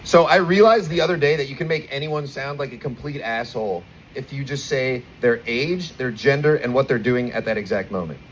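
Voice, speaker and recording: A man in his twenties with an American accent, doing a crude stand-up set with animated, acted-out stories, performing outdoors at a bar. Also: mid-range voice, brisk, few pauses, slight background noise, poor audio. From United States. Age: 20s. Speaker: stand-up comedian.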